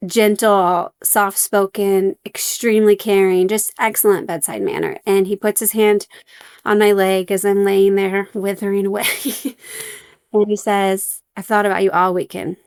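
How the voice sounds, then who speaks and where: A woman's voice: medium pitch, steady tone, measured pace, darkish tone, clear, resonant tone, no room sound, clean studio sound. A young adult woman, a podcast guest, telling her story candidly with wry humor and many fillers.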